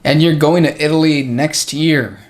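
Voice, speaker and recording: A young man from the United States, hosting a casual chat with a friend. His voice sits a bit on the high side for a man. He tells stories in an animated way and acts out the quoted dialogue. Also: normal speed. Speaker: host, English teacher.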